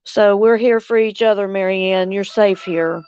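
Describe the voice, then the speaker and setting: An older woman from Louisiana hosting a casual livestream chat, speaking slowly and tenderly with soft chuckles, tearful at times. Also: medium pitch, steady tone, smooth, no echo, highs cut off. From Louisiana, USA. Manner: slow, tender, chuckling between lines. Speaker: livestream host.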